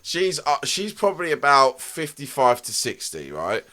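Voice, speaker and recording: A man's voice: mid-range voice, huge pitch swings, normal speed, sharp tone. A man, telling rambling stories on a casual podcast, laughing and swearing as he goes. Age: 30s. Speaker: podcast co-host. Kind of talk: casual chat.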